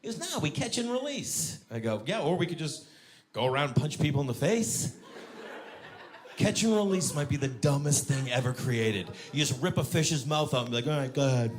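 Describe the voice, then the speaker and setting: A man's voice: on the high side, normal speed, noisy background. A man doing stand-up on a club stage, acting out conversations with his friend. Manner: animated, acts out both sides of conversations. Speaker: stand-up comedian. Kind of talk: stand-up comedy.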